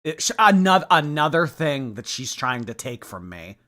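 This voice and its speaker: Male stream host, bright and animated, mocking live reaction commentary. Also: a little high, moderate pace. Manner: animated, mocking, chatty with viewers.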